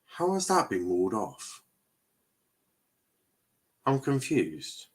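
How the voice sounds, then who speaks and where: This young streamer's voice is fairly low, slightly rough, and sing-song, and he speaks slowly while casually commenting on a live football match. Chatty with his audience, he reacts to plays and reads the chat out loud.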